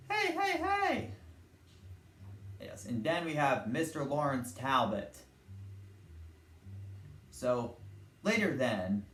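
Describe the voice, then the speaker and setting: Low-voiced young man rambling in an echoey room. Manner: meandering, retells cartoon scenes and puts on short character voices. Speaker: channel host. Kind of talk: casual rambling vlog talk. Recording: echoey room with faint ambient noise.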